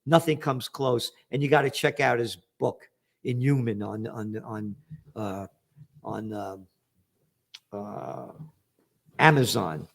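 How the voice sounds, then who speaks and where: A man's voice: medium pitch, slow, gravelly, long pauses. A man in his seventies with a New York accent, giving a blunt, profane, combative commentary monologue as host. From United States. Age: 70s.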